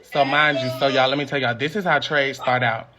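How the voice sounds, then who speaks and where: A young man giving loud, profane, mocking comedic reaction commentary as a streamer, often breaking into laughter. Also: mid-range voice, fairly even intonation, brisk, crowd noise.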